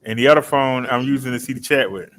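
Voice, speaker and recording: A man hosting a livestream in a relaxed, chatty way, talking to viewers by name, recorded on a phone worn on his chest. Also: mid-range voice, fast, slight background noise. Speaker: livestream host. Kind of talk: casual chat with a live chat.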